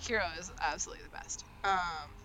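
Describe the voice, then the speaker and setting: A young woman hosting a casual group chat over an online call. She talks in an excitable, rambling way and laughs often. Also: fairly low pitch, fast talker, slight background noise, low-quality recording.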